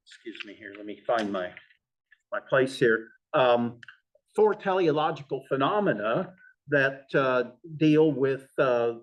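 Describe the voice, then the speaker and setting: A man teaches a church class in an unhurried, halting way, full of fillers and restarts. His voice comes from some distance away from the mic. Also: mid-range voice, lo-fi sound. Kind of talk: classroom lecture. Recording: voice from far off in a room.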